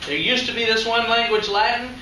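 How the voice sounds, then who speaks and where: A man lectures a class in a chatty way, stopping often to ask the students questions. His voice sits high and sounds very bright. He is picked up from across a very echoey classroom, with faint room noise behind him. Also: brisk, distant mic. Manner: conversational, asks the class questions. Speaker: high school biology teacher.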